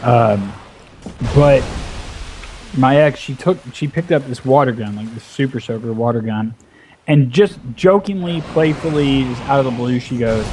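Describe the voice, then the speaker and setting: A young man casually telling a long, profane, animated anecdote as a gaming video host. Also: mid-range voice, moderate pace, slight background noise. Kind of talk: casual storytelling chat.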